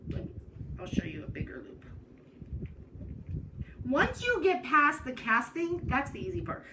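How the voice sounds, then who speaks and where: A woman hosts a live craft tutorial in a fairly high voice, chatty and casual, stopping now and then with "hold on" as she works. She sounds set back from the mic, with clear background noise. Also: far from the mic. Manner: chatty, self-interrupting with "hold on". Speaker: craft host.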